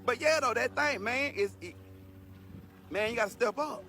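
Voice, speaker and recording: A man's voice: extremely high pitch, moderate pace, sharp tone, a little hiss or hum. A man giving an earnest, emotional spoken lesson to his viewers in a casual, repetitive way. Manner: earnest and preachy, repeats himself, emotional. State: sweating.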